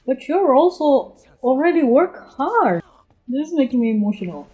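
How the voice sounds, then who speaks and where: Woman vlogger, high and very animated voice, excitable exclamations and laughs mixed with quiet murmured asides, unhurried delivery. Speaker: anime reaction vlogger. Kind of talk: live reaction commentary.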